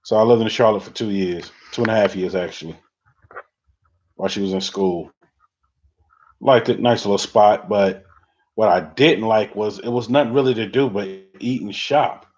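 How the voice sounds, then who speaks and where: A man's voice: fairly low pitch, normal speed, pauses often. Rambling man telling stories on a lo-fi stream. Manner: loose, rambling storyteller. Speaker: livestream host. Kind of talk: casual chat reading viewer comments. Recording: dull lo-fi audio.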